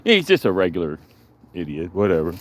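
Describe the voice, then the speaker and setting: A man's voice: deep voice, huge pitch swings, brisk. Rambling, profane man telling a story. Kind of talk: casual storytelling vlog. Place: outdoor backyard.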